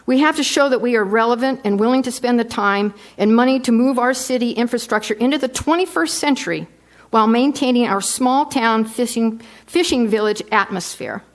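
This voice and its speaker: A woman's voice: fairly high pitch, brisk. A woman in her sixties, a board member giving a firm, persuasive statement at a public meeting. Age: 60s.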